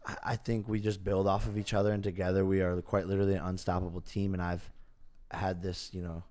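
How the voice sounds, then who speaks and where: A man's voice: deep voice, level tone, fast, darkish tone. A young man in his twenties, co-hosting a casual podcast chat, who speaks in an earnest, motivational way. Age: 20s. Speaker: podcast co-host.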